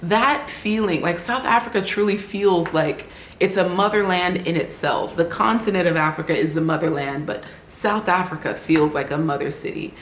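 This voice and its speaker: Woman vlogger with a slightly low voice, chatty and animated, recorded in a reverberant room. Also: normal speed, slight background noise. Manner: animated, laughs often, restarts sentences. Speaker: travel vlogger. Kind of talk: casual storytelling diary. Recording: roomy echo with faint ambience.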